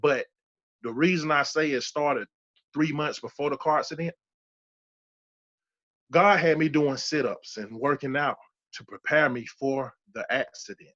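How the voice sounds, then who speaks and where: A man's voice: fairly high pitch, a little slow, pauses often, fairly bright tone, lo-fi sound. A man in his thirties telling his personal survival testimony as a podcast guest, emphatic and repeating key phrases for weight. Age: 30s.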